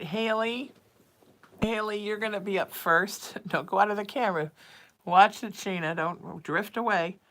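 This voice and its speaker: A woman's voice: medium pitch, a bit bright. A woman hosting a psychic livestream, chatting casually and reading viewer texts aloud. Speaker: psychic medium livestream host.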